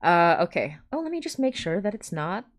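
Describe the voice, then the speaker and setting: A woman's voice: fairly low pitch, sing-song, brisk. Chatty woman hosting a podcast. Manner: chatty, laughs often, many fillers. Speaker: podcast host. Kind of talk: casual interview chat.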